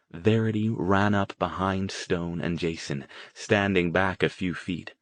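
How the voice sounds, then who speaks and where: Here a man sits low in his range as he narrates an audiobook, steady and measured in his storytelling. The scripted reading carries no echo.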